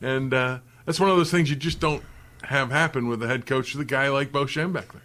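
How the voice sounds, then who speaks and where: A man's voice: medium pitch, fairly quick, fairly bright tone. A man hosting an interview show, asking friendly, leading questions. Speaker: show host. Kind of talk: interview conversation.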